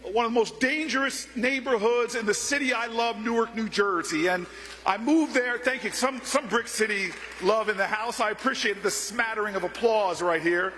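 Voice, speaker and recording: High-voiced man giving a speech in a reverberant hall. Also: moderate pace, bright, forceful tone, a little hiss or hum. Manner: rhythmic repetition, storytelling. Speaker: political speaker. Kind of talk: impassioned speech. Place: large event hall.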